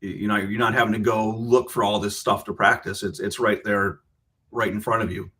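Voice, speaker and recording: A man's voice: on the low side, level tone, a little fast, bright, forceful tone. A man who teaches guitar, explaining rhythm and counting subdivisions aloud while checking in with the listener. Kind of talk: explaining and demonstrating a lesson. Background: guitar playing.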